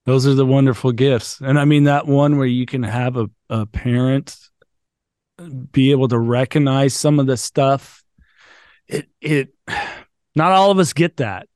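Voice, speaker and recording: A man's voice: medium pitch, steady tone, measured pace, darkish tone. A man with a mid-range voice hosts a casual talk, blunt and encouraging. His speech comes through dry, with no room echo, and he swears casually. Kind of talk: casual conversation.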